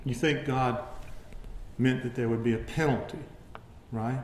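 A man's voice: steady tone, measured pace, slight background noise. Preaching man in an echoey room. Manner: swings between hushed low asides and raised emphatic preaching. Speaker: pastor. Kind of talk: sermon.

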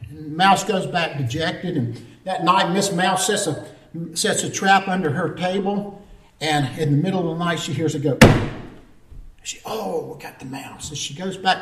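A man preaching a sermon as pastor, earnest and storytelling, calling for responses from the congregation. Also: on the high side. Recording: roomy echo, distant mic.

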